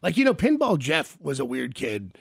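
Picture a chatty man whose voice is gravelly and husky, swinging up and down as he jokes along. His voice sits fairly high, and the sound is close and dry. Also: normal speed, no room sound. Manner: chatty and jokey, with lively swings in pitch. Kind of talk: casual chat.

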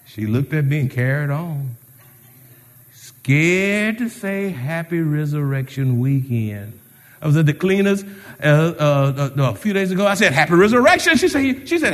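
Male pastor, high lively voice, sermon in reverberant church hall. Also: normal speed. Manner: animated preaching with call-outs and retold conversations. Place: church sanctuary. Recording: long reverb of a large hall.

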